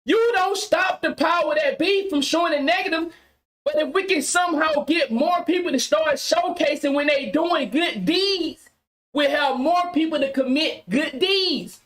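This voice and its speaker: A woman's voice: high voice, unhurried, a bit bright. A woman hosting a podcast livestream, talking emphatically and repeating her points to her viewers. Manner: emphatic, preachy, repeats phrases. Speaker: podcast host. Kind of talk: casual livestream commentary.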